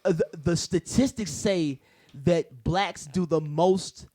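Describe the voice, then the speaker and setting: A man co-hosting a casual podcast chat, who talks in animated rants and breaks into loud shouting bursts. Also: fairly high pitch, takes it slowly. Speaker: podcast co-host.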